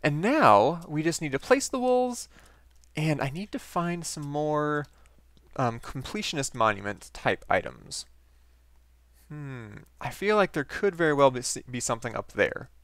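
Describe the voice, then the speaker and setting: A man hosting a game playthrough, chatting as he plays and breaking into excited exclamations. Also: on the high side, measured pace, no room sound. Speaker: gaming channel host. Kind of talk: Minecraft let's play commentary.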